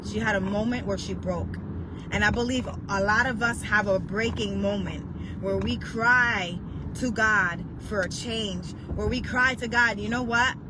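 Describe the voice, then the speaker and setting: A woman preaching with deep emotion, telling a story that builds toward heartfelt cries. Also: noisy background. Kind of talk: impassioned devotional preaching.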